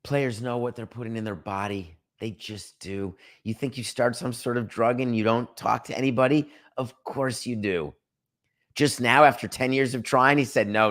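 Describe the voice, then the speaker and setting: A man's voice: mid-range voice, pushed and bright. A middle-aged man hosting a sports talk show, ranting in an opinionated, sarcastic monologue. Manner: sarcastic, emphatic, rants with mock quotes.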